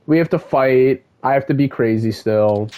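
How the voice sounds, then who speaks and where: A man's voice: medium pitch, normal speed, darkish tone, a little hiss or hum, close to an everyday voice. A man voicing a stubborn rival who insists on fighting, in a casual game recap.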